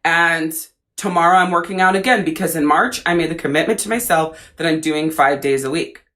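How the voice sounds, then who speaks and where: A woman's voice: deep voice, brisk. Woman life coach, straight-talking and foul-mouthed, chatting to a live audience on camera. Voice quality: profane, blunt, animated. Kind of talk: casual live-stream coaching talk.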